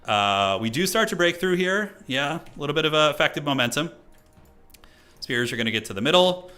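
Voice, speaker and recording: Bright-voiced man commentating his own match. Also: fairly high pitch, lively intonation, fairly quick. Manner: casual, self-critical, thinks aloud with many fillers. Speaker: streamer playing a competitive strategy tournament. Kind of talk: live game commentary to viewers.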